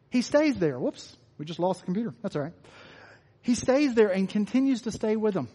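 A man preaching a sermon in a conversational, animated way, often restarting his phrases, to people in a church hall. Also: high-pitched, a little fast. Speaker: pastor. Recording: long hall reverb.

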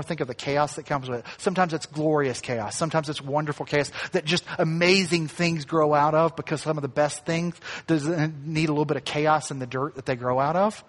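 A man with a fairly high voice delivers a sermon in an easy, conversational way. He acts out the lines he quotes and drops in light asides. His voice carries a long reverb from the church around him. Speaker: pastor.

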